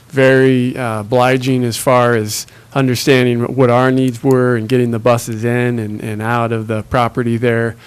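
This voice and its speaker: A man on transit staff giving a halting report at a public meeting, with many filler sounds. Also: medium pitch, clean tone.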